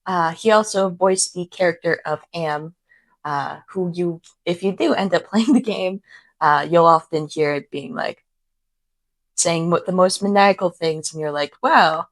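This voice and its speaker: A woman co-hosting a podcast in relaxed, offhand casual chat, trailing off with loose phrases. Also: fairly low pitch, measured pace, no room sound. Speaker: podcast co-host.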